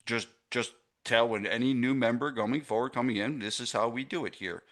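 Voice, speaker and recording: A man's voice: medium pitch, a little fast, a bit bright. A middle-aged man teaching a live online masterclass for gym owners, stressing points and checking in with his audience. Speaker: gym business coach.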